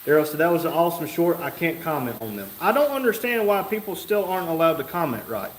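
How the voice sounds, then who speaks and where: A man's voice: a little high, very animated, fast. A man hosting a live stream from a garage workshop, reading chat comments aloud with casual, wry asides. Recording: echoey room with faint noise.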